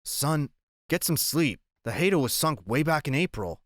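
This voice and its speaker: A man voicing a calm, gruff middle-aged navy captain who speaks quietly and evenly in an audiobook. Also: medium pitch, moderate pace, no room sound, studio quality. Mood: gentle.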